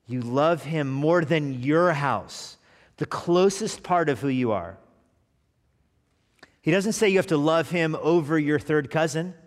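Animated preacher in a reverberant church. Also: male voice, a little high. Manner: animated preaching, dropping to quiet asides. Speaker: pastor. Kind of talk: sermon. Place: church sanctuary. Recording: long reverb of a church hall.

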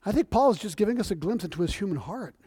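A middle-aged man preaches with a notably high voice, animated and conversational as he tells stories. The sound is dry and close. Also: fast, husky, no room sound. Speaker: visiting missionary preacher. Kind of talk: sermon. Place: church.

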